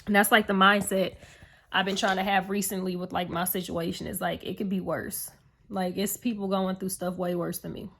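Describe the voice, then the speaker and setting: A woman's voice: medium pitch, level tone, moderate pace, vocal fry, fairly bright tone, slightly rough. Earnest young woman telling a heartfelt story. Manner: earnest, rambling, heavy with fillers; emotional, heartfelt retelling. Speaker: vlogger. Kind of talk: casual storytelling to camera.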